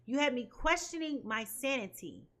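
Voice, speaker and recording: Bright, high-voiced woman giving an emphatic tarot reading. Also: very animated, normal speed. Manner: emphatic, keeps asking "okay?". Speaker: tarot reader.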